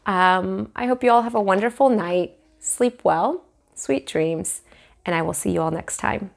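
A woman teacher reading a children's chapter book aloud in an expressive storytelling manner. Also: medium pitch, unhurried, gravelly. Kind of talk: children's read-aloud narration.

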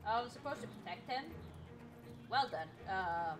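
Giggly, excitable streamer woman. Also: medium pitch, moderate pace. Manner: excitable, giggly, swears freely. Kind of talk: casual live game stream chat. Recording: game music playing behind.

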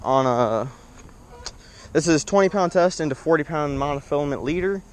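A young man filming his own fishing trip at a lake shore, talking in an excitable, rambling way and swearing when frustrated. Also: on the high side, normal speed, a little hiss or hum. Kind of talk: casual outdoor fishing vlog.

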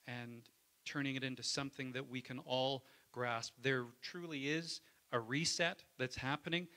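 A man preaching a Sunday sermon in church. His voice is bright and forward, and he keeps it conversational, calling out to the congregation for an amen. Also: medium pitch. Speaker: pastor.

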